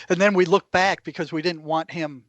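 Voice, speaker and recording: A man sits in as a guest and tells stories with animation, jumping into the voices of the people in them. His voice sits a little high. The sound is dry, with no room around it. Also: normal speed, dry recording, muffled recording. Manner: animated anecdotes, acts out others' lines. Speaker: former clinician. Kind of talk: conversational storytelling.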